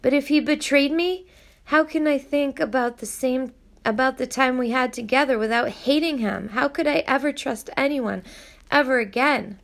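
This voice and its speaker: A woman's voice: high-pitched, moderate pace, creaky, voice pushed up. A woman reading aloud voices a desperate teenage girl who pleads breathlessly and urgently. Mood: emotional.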